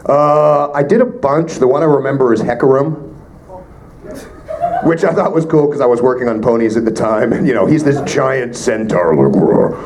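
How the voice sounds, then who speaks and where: A Canadian voice actor answering fan questions at a convention panel, joking with quick asides. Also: male voice, medium pitch. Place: convention panel room with audience. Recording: live room with crowd noise.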